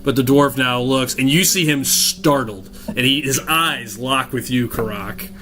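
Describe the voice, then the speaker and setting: A man's voice: medium pitch, measured pace, sharp tone, slight background noise. A man narrating as game master of a tabletop game, loose and chuckling as he describes the scene.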